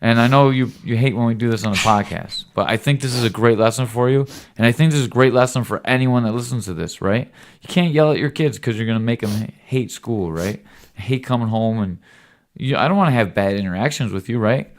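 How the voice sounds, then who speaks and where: A man's voice: mid-range voice, fairly quick. A man, a podcast host, giving his son a rambling, earnest fatherly lecture in casual talk, often checking in with "right?". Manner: lecturing, occasional cussing.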